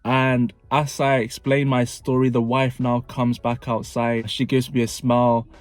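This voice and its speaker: Animated storyteller man. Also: medium pitch, unhurried, no room sound. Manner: animated, repeats phrases for effect. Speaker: vlogger. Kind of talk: casual storytime narration.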